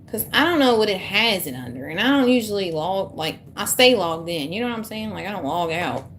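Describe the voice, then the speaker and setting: A woman's voice: medium pitch, animated, fairly quick, a bit bright. Woman tarot host, self-mocking casual banter, faint room hum. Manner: chatty, self-deprecating, talks to herself while fixing tech. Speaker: tarot reader hosting a live stream. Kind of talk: casual live-stream chat.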